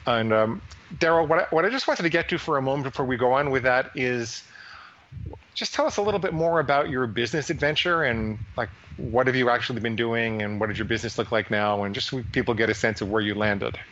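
A man's voice: mid-range voice, fast, fairly bright tone, lo-fi sound, slight background noise. A man hosting an interview in casual talk, who stammers and often repeats words. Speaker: podcast host.

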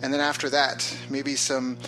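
A man being interviewed, with a bright and forceful tone, his talk casual and rambling. He fills it with "like" and "you know". Faint music plays behind him. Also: mid-range voice, completely flat delivery, normal speed, low-quality recording. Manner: rambling, enthusiastic, with many fillers. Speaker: entrepreneur guest.

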